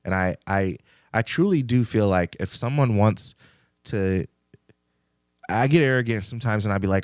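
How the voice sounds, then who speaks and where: A man's voice: lowish voice, normal speed, pauses often, clean tone, no room sound, clean studio sound. A man hosting a podcast, talking in a rambling, candid casual monologue and swearing freely. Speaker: podcast host.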